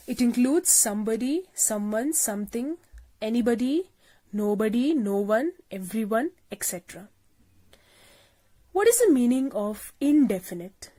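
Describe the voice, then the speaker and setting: Slow, patient woman teaching grammar. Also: a little high, mellow. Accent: South Asian English. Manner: slow, explains step by step, repeats and asks questions. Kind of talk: recorded classroom lesson.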